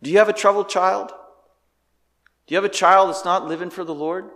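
A male pastor preaching a sermon with animated delivery, firing off rhetorical questions and swinging between loud and hushed. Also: high voice, normal speed, big-room sound.

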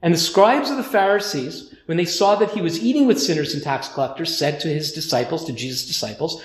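A man's voice: high-pitched, sing-song, moderate pace, reverberant. A man preaching a sermon as a pastor, talking in a conversational way with frequent restarts. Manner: conversational, with restarts and mimicked voices.

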